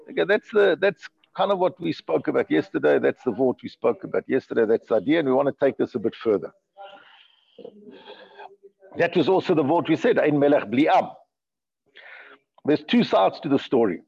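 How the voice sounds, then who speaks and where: A man's voice: medium pitch, gravelly, breathy edge, muffled recording. A man giving an informal Torah class in a study hall, explaining texts with many restarts, jokey asides and Yiddish-inflected phrasing. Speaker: Torah teacher. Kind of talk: informal Talmudic class lecture.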